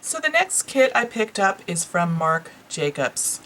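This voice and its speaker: A woman's voice: medium pitch, very animated, a little slow, a bit bright, a little hiss or hum, low-quality recording. A woman with a New York accent casually and enthusiastically reviewing beauty products she bought, chatting to her viewers. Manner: chatty, enthusiastic, lots of fillers. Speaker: beauty vlogger.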